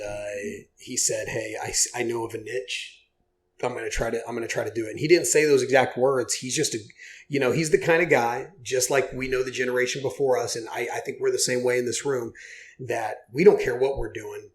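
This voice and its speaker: Forties man, podcast guest, mid-pitched, heartfelt and earnest, full of you-knows. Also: fairly even intonation, fairly quick, a little hiss or hum. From Oklahoma. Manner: earnest, heartfelt storytelling with many fillers. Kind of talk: casual podcast interview.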